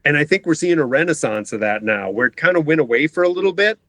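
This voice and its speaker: A man's voice: a little high, animated, quick pace, bright, forceful tone, dry recording. A middle-aged man talking as a cartoonist guest in a casual interview, rambling, often breaking off mid-sentence and laughing. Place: home basement.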